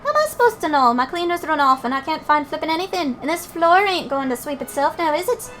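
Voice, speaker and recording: Spry old fairy man, put on by a woman, high and grumbly. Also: expressive, a bit bright, faint music behind. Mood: grumbling. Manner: grumbling, brisk.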